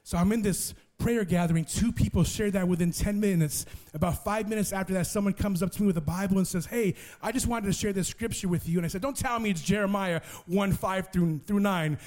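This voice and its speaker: A man preaching, telling his testimony as a lively story and restarting with repeated words. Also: high voice, brisk, hardly any pauses. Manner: lively storyteller who acts out other people's voices.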